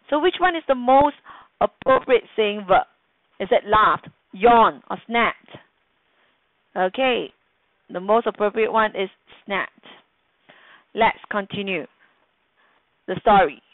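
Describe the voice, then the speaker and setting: In a recorded grammar lesson, a woman with a Singaporean English accent teaches patiently, putting questions to the class and acting out quoted lines. Her voice sits in the mid range. The recording is dry, with a thin, phone-like tinniness.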